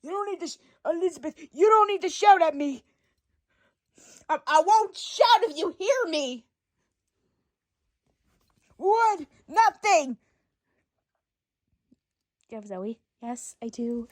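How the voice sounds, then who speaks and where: A woman performing an improvised skit, switching rapidly between many bickering characters in different voices. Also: very high-pitched, lively intonation, no echo. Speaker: storyteller voicing every character. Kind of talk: improvised doll-play skit.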